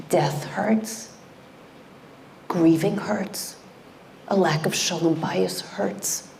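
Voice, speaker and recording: A middle-aged woman giving an impassioned sermon, dropping into hushed whispers to stress her points. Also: fairly low pitch, vocal fry, a little hiss or hum. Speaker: speaker at a community event.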